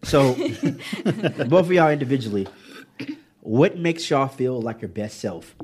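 A man hosting a podcast in a studio, asking questions in a relaxed, slangy way. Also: mid-range voice, takes it slowly, slightly rough. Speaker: podcast host. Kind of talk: casual podcast interview.

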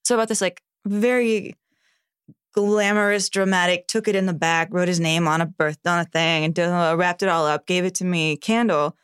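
A woman's voice: on the low side, steady tone, moderate pace, a bit bright, clean tone, no room sound, studio quality. A woman guest on a podcast, chatting casually and telling stories in a wry way. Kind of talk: casual chat.

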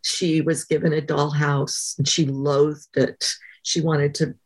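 A woman guest author telling stories in an interview, in a thoughtful, measured way with many pauses. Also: deep voice, little pitch movement. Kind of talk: interview conversation.

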